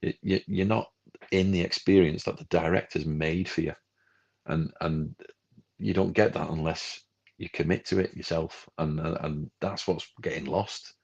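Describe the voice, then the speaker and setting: Gravelly man, podcast co-host, animated ranter, muffled stream audio. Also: low-pitched, moderate pace. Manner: animated, ranting, acts out quoted people. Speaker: film club co-host. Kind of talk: casual podcast chat. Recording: dull lo-fi livestream audio.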